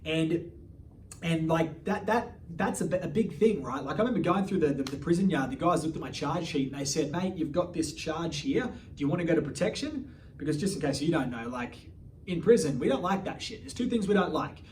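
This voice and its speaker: A blunt, freely swearing man in his thirties, telling a personal story as a coach, with a slightly high voice. He sits a little away from the mic, and a faint hum of background noise sits under his words. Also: lively intonation, brisk, darkish tone, recorded from a distance. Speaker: life coach.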